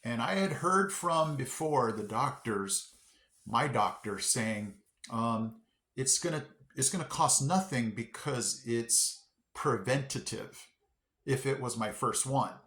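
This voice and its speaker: A man chatting casually to his viewers in a vlog, animated and talking straight to them. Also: medium pitch, slow. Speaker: vlogger. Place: Tennessee. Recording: echoey room.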